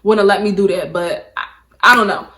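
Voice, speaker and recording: A woman's voice: medium pitch, steady tone, normal speed, pushed and bright. A young adult woman vlogger telling a casual story to camera, emphatic and saying "like" a lot. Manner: emphatic, peppers talk with "like". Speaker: beauty vlogger. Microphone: camera mic, talking to camera.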